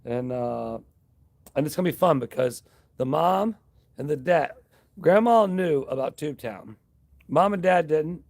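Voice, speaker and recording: A man hosting a casual live stream, rambling in a relaxed, friendly way, reading out viewer comments and thanking them. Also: a little high, creaky.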